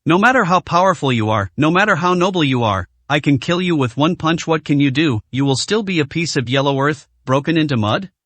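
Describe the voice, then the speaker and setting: A man's voice: a little high, lively intonation, a little fast, hardly any pauses, a bit bright, no room sound. A man reading the lines of a stern, proud, powerful aristocratic mother in a storybook, with a cold, commanding manner. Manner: cold commanding, evenly read.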